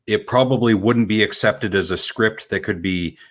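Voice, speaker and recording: A man co-hosting a podcast, chatting casually in a calm, dry, measured way. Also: on the low side. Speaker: podcast co-host. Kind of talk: casual chat.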